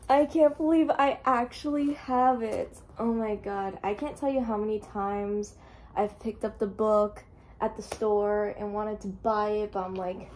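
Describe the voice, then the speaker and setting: A woman's voice: medium pitch, steady tone, unhurried, darkish tone, slight background noise. A young woman vlogging casually about her reading, rambling and emotional, laughing often. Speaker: book vlogger. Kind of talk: casual chat.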